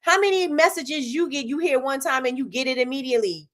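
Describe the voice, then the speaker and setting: Live-stream host: energetic woman, slightly high voice, preachy and repetitive, laughs between points. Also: fast, hardly any pauses. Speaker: live show host, soap business owner. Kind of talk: casual motivational live stream.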